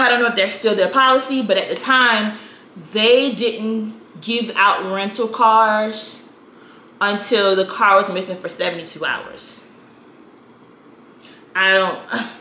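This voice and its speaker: Bright-voiced chatty woman telling a story. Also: mid-range voice, measured pace. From South Florida. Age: 30s. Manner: chatty, animated, uses "you know" a lot. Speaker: storytime vlogger. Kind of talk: casual storytelling. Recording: echoey room with faint noise.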